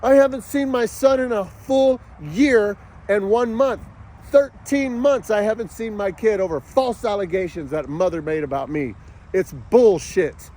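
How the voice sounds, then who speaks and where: A man ranting angrily to camera, yelling and cursing in a furious outburst. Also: sits high. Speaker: father vlogging about a custody battle. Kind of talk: angry outdoor rant to camera.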